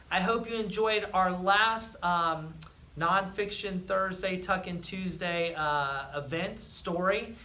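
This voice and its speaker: A school staff member reading a picture book aloud to students, expressive, with dramatic pauses and sudden loud surges. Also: medium pitch. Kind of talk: storybook read-aloud. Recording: echoey room, distant mic, faint noise.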